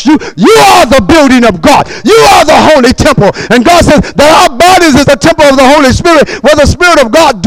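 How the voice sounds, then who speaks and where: A man preaching a sermon with call-and-response, bursts of shouting and quick repeated words. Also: very high voice, poor audio.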